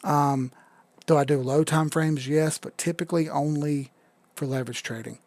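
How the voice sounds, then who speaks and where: A man's voice: on the high side, fairly even intonation, moderate pace, darkish tone. A man hosting a crypto live stream, talking casually and rambling while he charts, swearing now and then and reading out chat. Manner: laid-back, rambling, swears casually, reads chat aloud.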